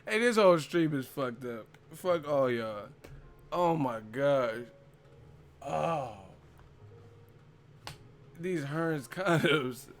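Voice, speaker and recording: With a voice on the high side, this boxing channel host sounds animated yet takes things slowly, leaving long pauses. He chats about boxing on a live stream in a loose, profane way, repeatedly cracking up, while faint music runs underneath.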